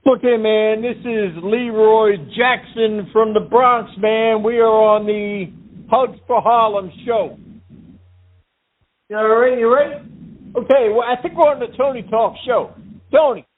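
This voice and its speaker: A man's voice: high-pitched, fairly even intonation, unhurried. A prank caller voicing an aggressive, hot-tempered tough guy making repeated threats. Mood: pushy. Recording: tinny phone line.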